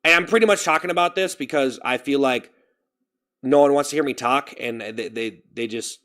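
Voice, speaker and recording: A man's voice: mid-range voice, moderate pace, a bit bright. A man chatting on a live stream, rambling and repeating himself as he vents about feeling like a failure. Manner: rambling, repeats himself, self-pitying venting. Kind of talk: casual live-stream chat.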